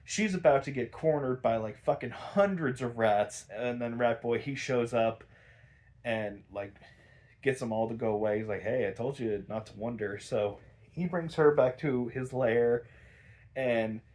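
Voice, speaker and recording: A young man talks through a cartoon episode in a loose, rambling way at an ordinary mid pitch. He swears freely, sighs often and fills gaps with "um" and "like", sounding exasperated. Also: unhurried, darkish tone. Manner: sighs a lot, frequent fillers. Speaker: episode reviewer. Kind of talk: casual review chat.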